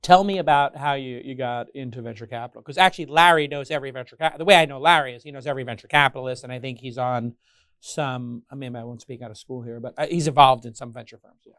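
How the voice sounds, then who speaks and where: Fast-talking joking man host. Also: medium pitch, a bit bright, no echo, studio quality. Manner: teasing, jokey, acts out mock voices of others. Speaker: podcast host. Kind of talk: casual interview chat.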